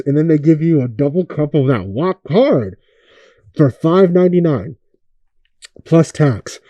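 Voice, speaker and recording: Profane ranting young man, dark voice. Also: fairly high pitch, no room sound. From Oakland area. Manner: profane, ranting, rhetorical questions. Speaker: podcast host. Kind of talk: casual podcast rant.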